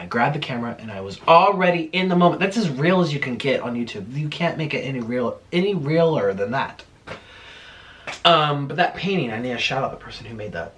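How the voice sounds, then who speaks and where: A young man in casual chat as a mukbang vlogger at home, talking while he eats, chatty and animated, swearing when he gets heated. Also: mid-range voice, a little fast, slight background noise.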